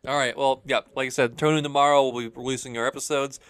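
A man's voice: medium pitch, flat delivery, fast talker, fairly bright tone, clear, resonant tone, no echo. A man hosting a podcast, chatting casually and joking as he wraps up the show. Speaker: podcast host.

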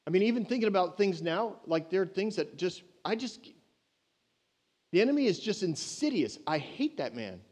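High-voiced, animated male preacher. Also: normal speed. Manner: animated and emphatic, surges loud with passion. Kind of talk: sermon.

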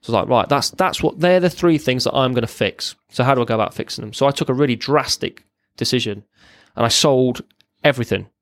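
A man's voice: mid-range voice, quick pace, few pauses, no echo. A man, a military veteran, giving a raw, blunt personal account as a podcast guest, swearing freely and often restarting his sentences.

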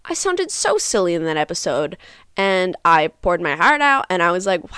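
A woman's voice: on the low side, big pitch swings, moderate pace, a bit bright, clean tone, no room sound, clean studio sound. A young woman hosting her own podcast, giving frank advice in a chatty, casual way with many fillers. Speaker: podcast host.

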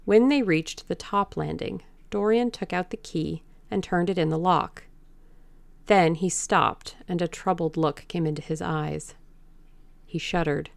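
A woman narrating an audiobook in a measured, deliberate way. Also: fairly low pitch, creaky, no room sound.

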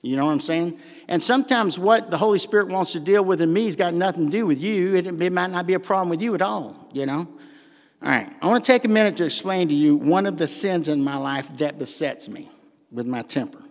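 An older man with a Southern accent preaching a sermon in a church, folksy and animated with humorous asides. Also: sits high, a little fast. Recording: long hall reverb.

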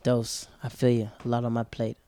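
A man's voice: medium pitch, completely flat delivery, a little fast, mellow, clear, resonant tone, dry recording. Rambling chatty man, dry sound. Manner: rambling, chatty, self-correcting. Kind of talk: casual chat.

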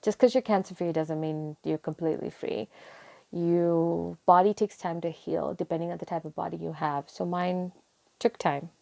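A young woman telling a personal story in conversation, acting out her own past words with rising excitement. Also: lowish voice, moderate pace, vocal fry. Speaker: interview guest.

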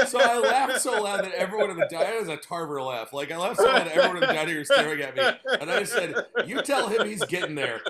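A man's voice: high-pitched, sing-song, a little fast, a loud crowd. A man telling a funny story in casual chat, laughing often as he talks. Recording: echoey room.

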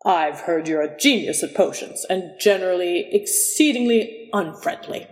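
A woman's voice: on the low side, animated, normal speed, big-room sound, natural voice. A woman reading aloud, voicing a cheerful, self-assured young man in close to her own voice. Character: cocky charming young man.

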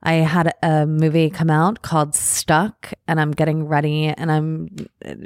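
Deep-voiced lady hosting a podcast, kind of halting and reflective, dry mic. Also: monotone, no room sound. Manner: supportive, thoughtful, hesitant phrasing. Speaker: podcast host, actress and director. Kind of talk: casual interview chat.

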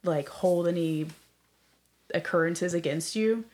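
A young woman swaps stories on a casual podcast. She talks in a lively way, laughs often and acts out what people said. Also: lowish voice, slow. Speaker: podcast host. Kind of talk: casual storytelling chat.

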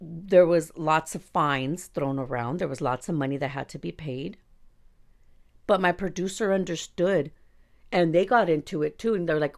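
A woman in her forties from East Los Angeles hosts a podcast, recounting a personal story in a deep, darkish voice at a moderate pace. She's blunt and profane, speaking casually and directly to her listeners.

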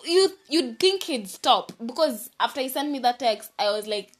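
A young woman with a Kenyan accent telling a story in a casual vlog, animated and mixing English with Swahili slang. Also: high-pitched, moderate pace. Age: young adult. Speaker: vlogger. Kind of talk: storytime chat.

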